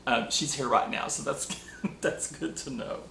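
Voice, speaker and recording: A man hosting a spiritual talk show, telling a personal story with emotional, animated delivery. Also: medium pitch, measured pace, gravelly, a little hiss or hum. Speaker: podcast host. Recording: echoey room.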